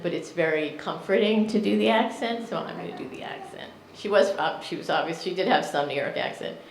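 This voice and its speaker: A woman poet reads her poems slowly and carefully in a lounge, with relaxed, chatty asides in between. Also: fairly low pitch, slight background noise. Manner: slow, measured reading with chatty asides. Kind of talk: poetry reading. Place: lounge with live audience. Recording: echoey room.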